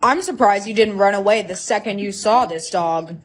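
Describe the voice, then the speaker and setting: A synthetic text-to-speech woman's voice reading the side characters in a storytime, with a flat machine delivery. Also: mid-range voice, normal speed.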